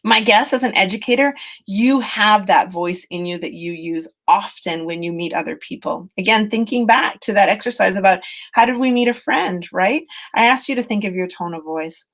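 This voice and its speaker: Gentle, earnest woman leading a webinar. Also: medium pitch, normal speed. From British Columbia, Canada. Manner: gentle, earnest, conversational with many "you know"s. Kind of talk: webinar talk on self-compassion.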